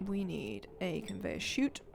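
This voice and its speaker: A woman's voice: on the low side, wildly swooping pitch, a little slow, gravelly, noisy background. A woman, chatting and rambling to herself as she plays a game on a live stream. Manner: chatty, rambling self-talk while playing.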